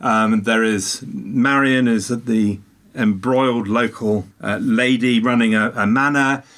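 A man in casual conversation about a film he loves. He talks a lot, jumping between jokes and asides with lively swings of emphasis. His voice sits in an ordinary middle pitch. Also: slow. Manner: talkative, animated, jokey.

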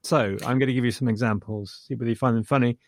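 A man's voice: mid-range voice, steady tone, quick pace, darkish tone, no room sound, studio quality. A man discussing a film with enthusiasm, retelling funny scenes and chuckling as he goes. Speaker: film reviewer.

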